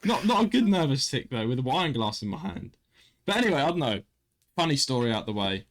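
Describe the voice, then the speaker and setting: Talking fairly quickly in a mid-range voice, a young podcast host shares a story during a casual chat. He's animated and keeps cutting himself off to start over.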